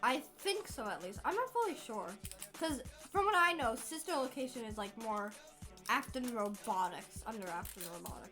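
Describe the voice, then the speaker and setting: A woman co-hosting a livestream in casual chat, giggly and animated. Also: fairly high pitch, normal speed, soft background music. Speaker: co-streamer.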